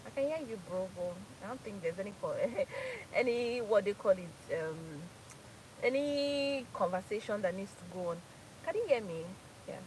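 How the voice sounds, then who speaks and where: A woman's voice: medium pitch, animated, normal speed, darkish tone, a little hiss or hum, poor audio. A Nigerian woman in her thirties from Port Harcourt, hosting a casual live chat, laughing often and repeating phrases for emphasis. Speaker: live stream host.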